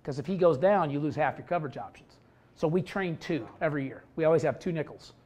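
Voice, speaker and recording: A man's voice: fairly high pitch, fast talker. A man coaching football, talking bluntly and with humor while he explains a defensive scheme. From Idaho, USA. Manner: blunt, joking, animated storytelling. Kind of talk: coaching clinic talk.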